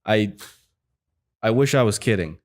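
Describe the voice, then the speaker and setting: A man's voice: on the low side, animated, measured pace. A man hosting a casual film podcast, talking in a rambling way with lots of fillers and restarts. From United States. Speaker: podcast host.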